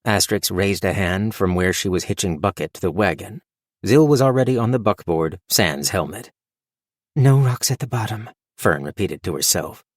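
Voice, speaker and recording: A man narrating a fantasy audiobook in a measured, wry storytelling manner on a close mic. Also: deep voice, no room sound. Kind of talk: scripted narration.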